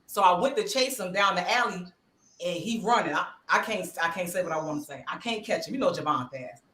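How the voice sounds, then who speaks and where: A woman's voice: fairly low pitch, animated, fairly quick, a bit bright. A woman co-hosting a podcast, telling a story dramatically and acting out each person in it. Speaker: podcast co-host. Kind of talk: animated storytelling. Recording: roomy echo.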